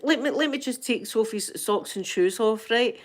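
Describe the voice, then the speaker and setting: A woman's voice: on the high side, normal speed. A middle-aged Scottish woman telling rambling, dramatic anecdotes in casual chat as a channel host. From Scotland.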